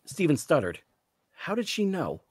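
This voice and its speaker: A man reading the narration of a novel aloud in a measured storytelling way. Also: fairly high pitch, huge pitch swings, breathy edge, no room sound. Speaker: author reading.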